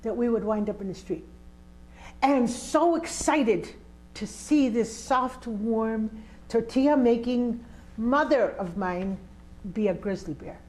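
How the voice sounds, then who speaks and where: A woman's voice: fairly high pitch, slow, darkish tone, rough recording. Older woman telling a vivid story. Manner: vivid, emphatic storyteller who acts out scenes. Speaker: community organizer and trainer. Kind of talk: personal storytelling in an interview.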